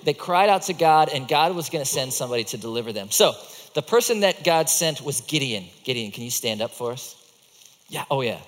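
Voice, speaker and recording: A man's voice: mid-range voice, animated, brisk. A man teaching a children's group, acting out a Bible story with volunteers in a playful, coaching way. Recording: echoey hall.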